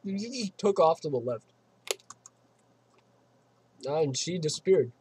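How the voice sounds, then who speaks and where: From a home streaming setup, a man plays a game and reads its text aloud in a casual let's-play. His voice is on the high side, expressive, mellow, and unhurried with a breathy edge, and he rambles through playful, giggly asides.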